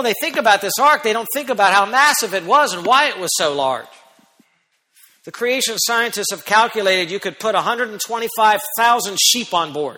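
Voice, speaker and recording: A man preaching a sermon as pastor, who speaks emphatically and rises to near-shouts on key points. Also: high-pitched, in a large hall.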